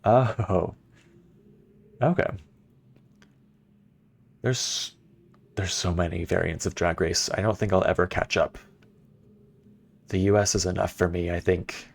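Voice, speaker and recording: Man, deep low voice, casual game stream commentary, chatty, playful, thinking aloud. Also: steady tone, slow pace, creaky, pauses often.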